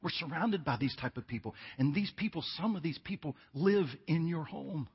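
In a reverberant church sanctuary, a male guest preacher with a slightly high, slightly rough voice tells the congregation a funny story before his sermon, joking with them as he goes. His storytelling is animated and his pace moderate, and the sound is dull.

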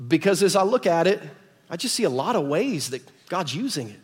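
A middle-aged man with an American accent, preaching a sermon and telling family stories in an animated way, acting out the dialogue. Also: sits high, fairly quick, husky. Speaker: pastor. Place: church sanctuary. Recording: reverberant church hall.

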